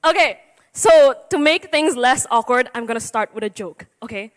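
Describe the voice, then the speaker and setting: A woman's voice: on the high side, expressive, moderate pace. A seventeen-year-old girl giving a jittery, joking youth sermon, laughing at herself. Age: teens. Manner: giggly, self-deprecating, jittery. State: nervous. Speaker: youth preacher. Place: church sanctuary. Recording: church hall reverb.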